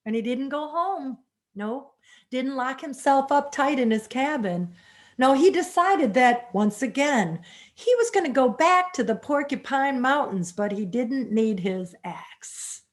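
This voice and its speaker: A woman's voice: high voice, expressive, a little slow. A woman storyteller telling a folk tale dramatically, adding spoken sound effects.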